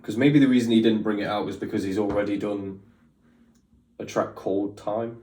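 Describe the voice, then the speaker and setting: A man with a lowish, mellow voice hosts a reaction video at a moderate pace and in a steady tone. He chats casually, rambling through opinions with many fillers, recorded with roomy echo, a mic at a distance, and faint music.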